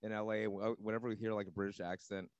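A man's voice: fairly low pitch, level tone, rapid-fire, highs cut off, very noisy. A man hosting a casual podcast, laid-back and chatty, dropping "man" and "you know" often. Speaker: podcast host, DJ. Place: Los Angeles studio.

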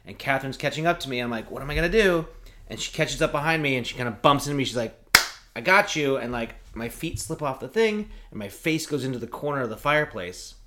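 Guy on a podcast, bright voice, animated storyteller, laughs a lot. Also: medium pitch, fast, hardly any pauses, a little hiss or hum. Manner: animated, acts out quotes, laughs often. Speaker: podcast co-host. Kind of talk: casual storytelling chat.

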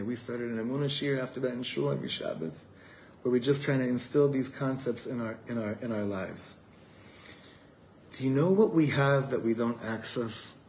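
An earnest rabbi speaks to a live evening crowd in a mid-pitched male voice. He talks heartfelt and unscripted, stumbling over repeated words and dropping Hebrew terms as he goes. A faint hum of room noise sits behind him. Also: lively intonation, normal speed, creaky, a little mellow, poor audio. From Los Angeles, USA. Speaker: rabbi giving a talk. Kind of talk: live inspirational talk to a gathering. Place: evening gathering before a live audience.

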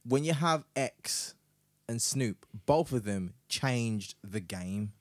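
A man's voice: mid-range voice, expressive, takes it slowly, no room sound, clean studio sound. A man co-hosting a casual podcast chat, teasing the others. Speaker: podcast co-host.

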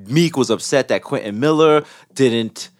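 A man co-hosting a casual comedic podcast, joking in quick banter. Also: medium pitch, no room sound, studio quality. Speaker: podcast co-host.

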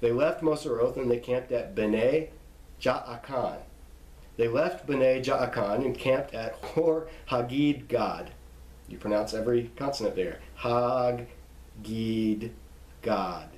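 Here a man with a medium-pitched, somewhat mellow voice works slowly through lists of scripture names, breaking off to spell out pronunciations in an instructive way. The audio is poor and reverberant.

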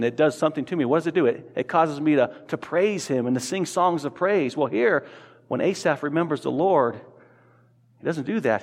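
A male pastor delivers a sermon in an earnest way, doubling back on words as he presses each point. His voice sits a little high for a man. The sound carries the long echo of a church hall. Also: expressive, fairly quick. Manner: earnest, repeats words while building a point. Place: church sanctuary.

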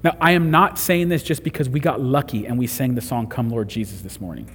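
A man's voice: medium pitch, a little fast, a little hiss or hum. A man preaching a sermon, earnest and conversational, rising to emphatic peaks. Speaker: pastor. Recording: long hall reverb.

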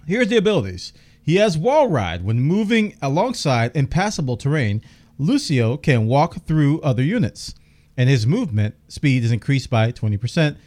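A man's voice: mid-range voice, very animated, normal speed, a little mellow. A man hosting a gaming news podcast, chatting casually and enthusiastically while reading out details, his voice a bit worn. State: losing his voice, coughing.

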